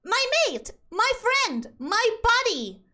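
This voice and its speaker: A woman's voice: very high voice, very animated, slow, bright, forceful tone. A young woman whose first language is Spanish, chatting casually and animatedly while streaming a game, rambling as she talks. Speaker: VTuber streamer.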